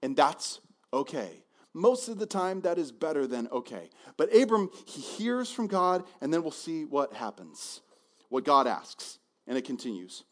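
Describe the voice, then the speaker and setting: Man, pastor, sermon, high voice, animated, conversational, repeats words. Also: a little slow.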